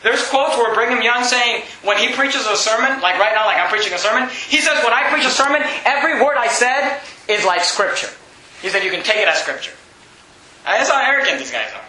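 A man preaching a sermon in an animated, mocking way, often laughing as he talks. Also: extremely high pitch, brisk, echoey room, low-quality recording.

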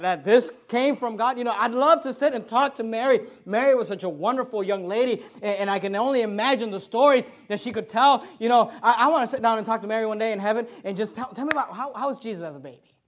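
A man with a notably high voice delivers a sermon from the pulpit. He preaches emphatically but conversationally, often restarting his sentences as he builds his point. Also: quick pace. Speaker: pastor.

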